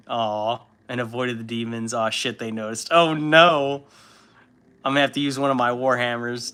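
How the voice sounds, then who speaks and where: A man hosts a relaxed hobby livestream and chats in a loose, rambling way. He swears freely and fills his talk with ums and likes. His voice sits at a middle pitch with a bright, forward tone. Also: moderate pace. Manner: rambling and profane, with frequent fillers and laughs. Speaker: livestream host. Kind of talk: casual chat during a hobby stream.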